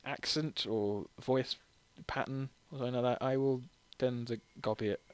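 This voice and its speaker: A man's voice: mid-range voice, fairly even intonation, moderate pace, smooth. A man giving casual let's-play commentary while tipsy, rambling and self-deprecating, laughing often as he talks. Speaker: game streamer.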